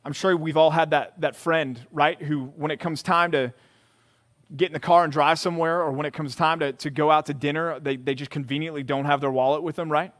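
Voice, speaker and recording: A man's voice: fairly high pitch, fairly even intonation, a little fast, a bit bright. A male pastor giving a conversational sermon to a college group in a church room, emphatic and repeating key words.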